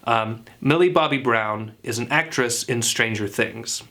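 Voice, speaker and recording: A man's voice: medium pitch, measured pace, pushed and bright. A man playing a self-assured but clueless dialect coach, who lectures earnestly like an expert in a parody tutorial.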